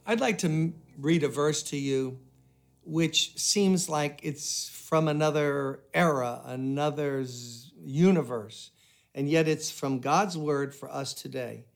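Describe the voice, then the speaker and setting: An older man delivers a sermon in a fairly high voice. He preaches earnestly, with emphatic turns into prayer. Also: takes it slowly, vocal fry, soft background music. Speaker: pastor.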